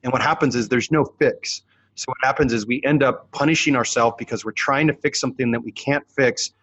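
A man's voice: medium pitch, fairly quick, a bit bright, slightly rough, dry recording, dull audio. A man talking as a coach in an earnest, reflective way, circling back on his phrases in a podcast conversation.

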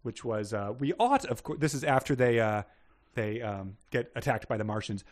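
A man's voice: medium pitch, normal speed. Man, podcast co-host, casual chat, jokey, laughing. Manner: laughs often, animated, jokey. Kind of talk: casual chat reading listener picks.

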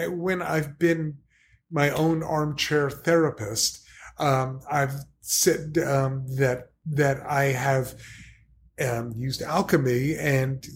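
A man's voice: mid-range voice, a little hiss or hum. A man hosting a podcast, speaking in a reflective, hesitant way with many fillers. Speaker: podcast host. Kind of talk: casual conversation.

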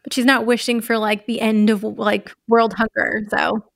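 A woman co-hosting a casual talk show, speaking plainly and in a relaxed way. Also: on the high side, normal speed, vocal fry, no echo, clean studio sound. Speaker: co-host. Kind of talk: casual podcast chat.

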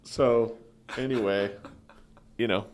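A man co-hosting a comedy sports podcast, telling rambling stories in an animated way that often breaks into laughter. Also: fairly low pitch, slow pace. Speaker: podcast co-host. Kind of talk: casual comedic sports chat.

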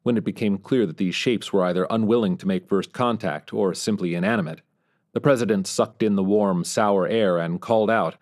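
A man with a lowish voice narrates a story in scripted fashion. His delivery is measured and steady, built for an audiobook.

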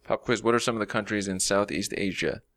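A man's voice: lowish voice, quick pace, fairly bright tone, no echo, clean studio sound. A man hosting a podcast, chatting casually and making joking, rambling asides. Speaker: podcast host.

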